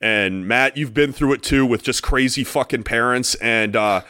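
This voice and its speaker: A middle-aged man co-hosting a sports podcast, telling a youth soccer story in an excitable, profane way and acting out shouting parents. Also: medium pitch, moderate pace, no room sound, clean studio sound. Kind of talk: animated storytelling chat.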